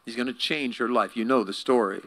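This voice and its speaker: A male pastor preaching a sermon in an animated way, asking the congregation questions. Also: mid-range voice, a little fast.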